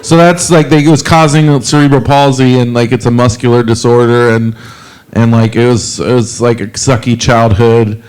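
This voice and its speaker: A man in his forties doing a stand-up comedy set, rambling and self-deprecating, halting with lots of fillers. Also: medium pitch, level tone, a little mellow, clean tone. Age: 40s. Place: comedy club stage with a live audience.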